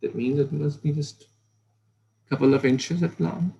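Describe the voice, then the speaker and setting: A man's voice: a little high, fairly even intonation, unhurried, creaky, mellow, low-quality recording. A man giving a conversational scripture class, asking listeners rhetorical questions and murmuring "hmm".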